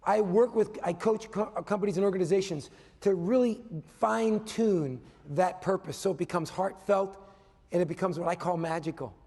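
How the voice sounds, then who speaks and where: Man, business coach, motivational keynote, animated, loud then hushed, high voice. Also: normal speed. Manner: animated, swings between loud emphasis and hushed asides; tags points with a questioning "okay?". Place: conference hall before a live audience. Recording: long reverb of a large hall.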